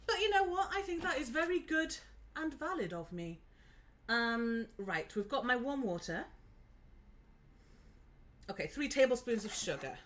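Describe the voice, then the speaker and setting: A woman hosts a casual cooking stream from her home kitchen, talking through each step and laughing often. Her voice sits a little high and swings up and down with lots of expression. A faint background hum runs under her. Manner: chatty, giggly, talks through each step aloud. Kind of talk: casual live-stream chat while cooking.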